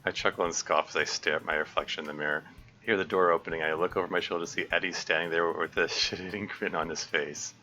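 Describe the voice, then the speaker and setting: A man's voice: sits low, steady tone, fast, sharp tone. A man casually reading a visual novel aloud on stream, playful and self-deprecating. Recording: dull lo-fi mic, faint music.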